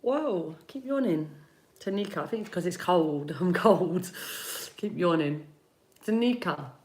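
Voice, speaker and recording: A woman giving tarot readings on a live stream, chatting gently with viewers and softly repeating their names as she tunes in. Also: on the low side. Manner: slow, soothing, repeats names while tuning in. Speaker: tarot reader.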